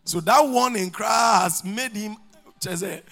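Animated preacher, high voice. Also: male voice, measured pace, vocal fry. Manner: animated storytelling, acting out dialogue, laughing along. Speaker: pastor. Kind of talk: sermon.

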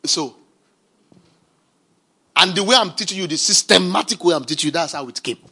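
A male pastor with a high, gravelly voice delivers an emphatic sermon. His tone is bright and edgy, with a raspy grain. He swings between shouted declarations and quiet, conversational asides. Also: moderate pace.

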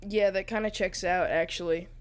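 A woman's voice: mid-range voice, steady tone, normal speed, clear, resonant tone. A woman co-hosting a podcast with her sibling, goofy and giggly, recording remotely from home on a mic with a pop filter. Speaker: podcast co-host. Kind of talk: casual sibling banter.

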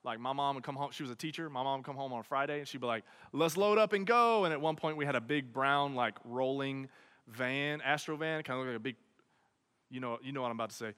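Animated man telling a story in a hall. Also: mid-range voice, fast talker, clear, resonant tone. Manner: animated, keeps checking in with "okay?" and "right?". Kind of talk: comic personal story told to an audience.

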